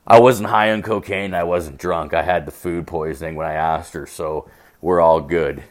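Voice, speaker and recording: A man's voice: low-pitched, steady tone, normal speed. A young man podcasting alone, telling rambling stories with constant swearing and filler words. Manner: profane, filler-heavy, storytelling. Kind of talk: casual rambling monologue.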